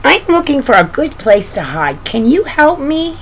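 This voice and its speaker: A woman voicing a small, timid female lamb in a picture book read aloud, in a high, childlike sing-song voice. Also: big pitch swings, moderate pace, a little hiss or hum, poor audio. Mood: pleading.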